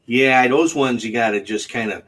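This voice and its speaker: A man co-hosting a casual comedy chat show, rambling in a deadpan way. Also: mid-range voice, moderate pace. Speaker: co-host.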